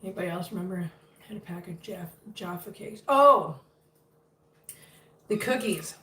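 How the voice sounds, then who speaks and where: A woman's voice: lowish voice, lively intonation, moderate pace, long pauses, sharp tone. A fifty-year-old woman hosting a casual livestream, chatting with viewers and cooing at her cats. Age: 50s. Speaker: livestream host. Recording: roomy, picked up from a distance, faint noise.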